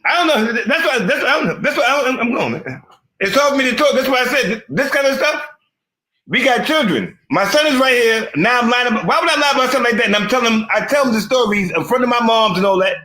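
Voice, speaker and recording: A man's voice: very high voice, animated, fast talker, sharp tone, echoey room, rough recording. A middle-aged man from New York, arguing insistently in a heated debate and rambling through restarted sentences.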